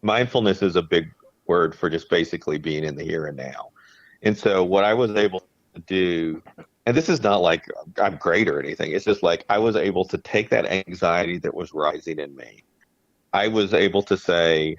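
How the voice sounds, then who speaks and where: A man's voice: deep voice, moderate pace, no echo. A man co-hosting a podcast, talking in an earnest, reflective way and often restarting his sentences. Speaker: podcast co-host. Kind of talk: casual chat. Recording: dry, dull lo-fi sound.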